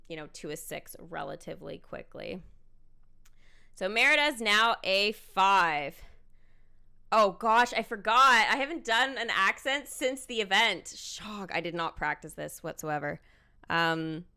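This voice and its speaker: A woman live-streaming a mobile game, chatting casually and excitably while greeting her chat. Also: mid-range voice, smooth. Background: faint music.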